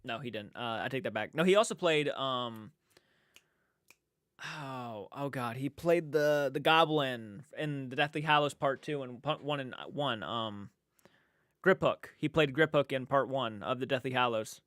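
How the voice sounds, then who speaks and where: A man's voice: medium pitch, a little slow, fairly bright tone, dry recording, studio quality. A young man hosting a casual late-night livestream, reading chat aloud in a sleepy, yawning, rambling way with restarts. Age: young adult.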